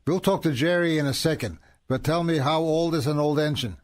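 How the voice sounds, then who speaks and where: A man hosting a call-in car radio show in a somewhat raised voice. He talks haltingly and fills his pauses with lots of fillers. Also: fairly high pitch.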